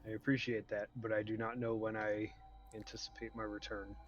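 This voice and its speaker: Male player, steady and measured, low monotone, muffled home mic. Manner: calm, measured. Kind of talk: tabletop role-play. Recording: dull lo-fi mic.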